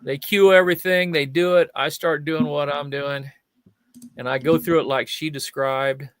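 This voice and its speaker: A smooth, slightly high voice at normal speed belongs to an older man guesting on a chat show as a magician and fire eater, in a dry recording. He spins anecdotes with energy, voicing the people in them.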